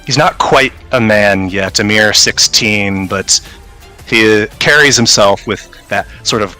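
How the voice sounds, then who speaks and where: A man's voice: on the low side, takes it slowly, pushed and bright, clear, resonant tone, soft background music, low-quality recording. A man running a tabletop role-playing game, narrating a tense scene in vivid second-person storytelling. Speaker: game master.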